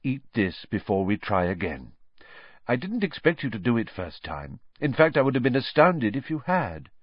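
A man doing a quiet, gentle grown teacher. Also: mid-range voice, big pitch swings, husky, dry recording, dull audio. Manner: quiet, measured.

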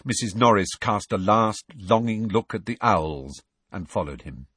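A man narrating a children's story in an expressive, scripted reading. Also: fairly low pitch, unhurried, slightly rough, no echo. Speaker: audiobook narrator.

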